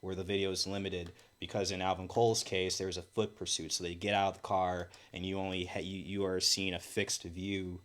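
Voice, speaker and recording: A man's voice: low-pitched, level tone, fairly quick, few pauses, a bit bright. A man from Milwaukee, a guest in an interview, telling events in an earnest way with many fillers and restarts. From Milwaukee, Wisconsin. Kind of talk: casual interview talk.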